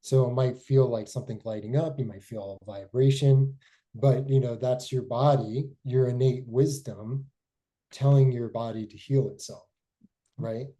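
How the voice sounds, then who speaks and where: Brief: male podcast guest, very dark mellow tone, calm reassuring explainer. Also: mid-range voice, normal speed. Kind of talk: casual interview chat.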